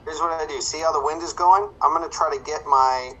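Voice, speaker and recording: A man hosting casual commentary, calmly explaining his shots step by step while he plays. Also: a little high, brisk, poor audio. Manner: relaxed, explaining tips step by step. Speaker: host.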